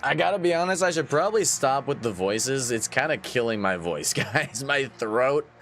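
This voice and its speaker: A man's voice: medium pitch, lively intonation, moderate pace, fairly bright tone. A man with a sore throat, playfully chatting to viewers during gameplay. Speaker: streamer. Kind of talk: casual gameplay commentary.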